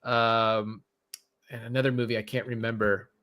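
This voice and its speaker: Man, casual podcast co-host, halting and rambling delivery, mid pitch. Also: little pitch movement, pushed and bright. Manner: rambling, halting, many restarts. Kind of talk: casual chat about movies.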